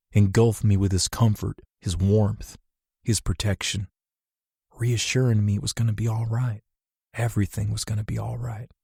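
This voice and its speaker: A man reading first-person scripted narration in a measured, emotional way. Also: on the low side, gravelly, dark tone, no room sound, clean studio sound. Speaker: audiobook narrator.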